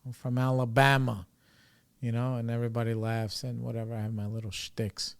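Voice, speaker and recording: A man with a New York accent talks loosely to his audience, drifting from one thought to the next with plenty of "you know" and "like." His speech is casual and profane, at an ordinary middle pitch. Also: level tone, a little fast, gravelly, smooth. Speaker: recovery podcast host. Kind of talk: casual rambling monologue.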